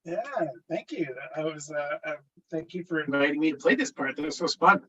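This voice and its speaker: A man chatting on a video call after a table read, quick to laugh and full of fillers and restarts. His voice sits a little high. It comes through muffled and somewhat distant. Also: a bit bright, slightly rough. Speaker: filmmaker and actor.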